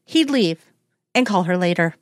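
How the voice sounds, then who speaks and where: A woman narrating a story aloud in a steady, measured reading. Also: lowish voice. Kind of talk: audiobook-style story reading.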